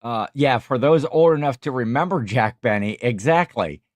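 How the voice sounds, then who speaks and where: Medium-pitched and expressive at a normal speed, a worn-out middle-aged man hosts a casual livestream in studio quality, no echo. He rambles, jokes, and reads viewer comments.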